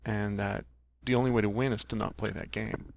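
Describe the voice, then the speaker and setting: A man's voice: lowish voice, steady tone, a little fast, vocal fry, a little hiss or hum. A man hosting a casual conversation, telling a workshop story with frequent laughs and reflective asides. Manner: laughs often, reflective, acts out quotes. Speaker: podcast host.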